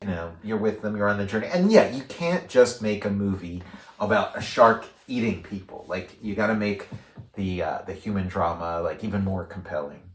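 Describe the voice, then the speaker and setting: A man's voice: lowish voice, normal speed, distant mic. A man co-hosting a casual film review chat, talking in a loose, rambling way full of fillers and restarts. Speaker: podcast co-host. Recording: roomy sound, a bit off the mic.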